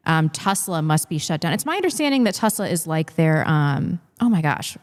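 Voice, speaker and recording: A woman hosting a casual political talk show, animated and full of fillers. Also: deep voice, normal speed, big-room sound. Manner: animated, laughs often, many fillers. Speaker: podcast host.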